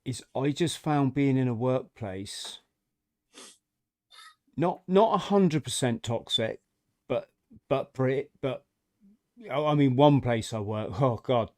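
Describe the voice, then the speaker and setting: Man, host, casual chat, mid-pitched voice, halting, frank. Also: a little mellow. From England. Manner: halting, restarts often, frank. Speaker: podcast host.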